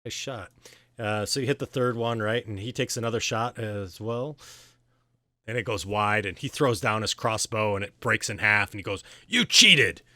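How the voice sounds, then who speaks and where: A man narrating a tabletop game as game master in a casual, halting way with many fillers. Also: on the low side, steady tone, sharp tone, dry recording, studio quality.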